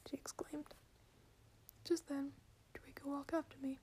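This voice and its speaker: A woman reading a story in a soft, deadpan whisper, in a whispered ASMR reading style. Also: high-pitched, normal speed, husky.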